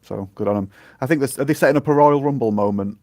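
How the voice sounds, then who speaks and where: A man's voice: medium pitch, fast, a little mellow, no echo. A man co-hosting a podcast in casual chat, dry and wry. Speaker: podcast co-host.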